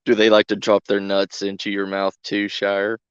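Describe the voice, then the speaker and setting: A man's voice: on the low side, completely flat delivery, moderate pace, clean tone, dry recording. Guy streaming a game, goofy giggly banter with chat, kinda muffled dry mic. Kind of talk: casual chat to stream viewers.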